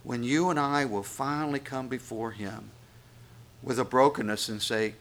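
A man pastor preaching a sermon, reading scripture and swinging from quiet, intimate passages to loud, raised appeals. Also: mid-range voice, steady tone, normal speed, slight background noise.

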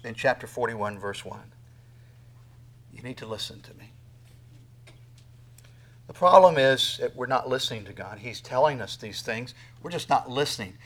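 Guy preaching a sermon, gets loud then drops way down, acts out voices. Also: mid-range voice. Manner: animated, with wide swings in loudness and dramatic quoted voices. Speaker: pastor.

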